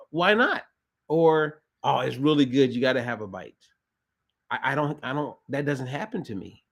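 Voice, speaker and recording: A man talking to camera as a nutrition coach in a casual, emphatic way, often repeating phrases for emphasis. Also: fairly high pitch. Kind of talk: casual direct-to-camera talk.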